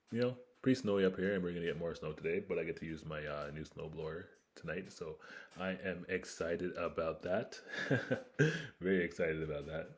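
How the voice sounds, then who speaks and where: A man with an extremely low, deep voice talks through a casual solo podcast. He rambles candidly, trailing off into fillers as he goes. He is a host from northern Ontario, speaking at home. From northern Ontario, Canada. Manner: rambling and candid, many fillers, laughs between thoughts. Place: home room with a fire crackling behind.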